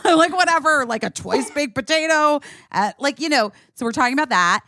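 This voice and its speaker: A woman's voice: high voice, animated, brisk, few pauses, pushed and bright, dry recording, clean studio sound. A woman hosting a podcast in casual chat, talking loosely with lots of fillers and laughter. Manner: chatty, laughs often, many fillers. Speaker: podcast host.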